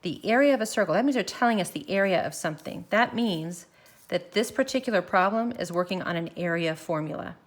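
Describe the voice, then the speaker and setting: Slightly low-voiced woman math teacher. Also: lively intonation. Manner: walks through steps slowly, thinking aloud. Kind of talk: recorded math lesson. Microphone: phone camera filming her worksheet.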